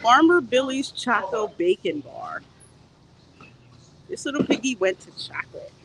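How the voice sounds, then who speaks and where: A chatty woman speaks to her live viewers in an easy, playful way. Her voice sits a little high and swings a lot in pitch. She takes her time, drawing out her words as she browses a gift shop. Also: very animated, unhurried, a crowd in the background, low-quality recording. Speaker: theme park vlogger. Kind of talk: live-streamed casual walk-and-talk. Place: gift shop at a theme park, indoors.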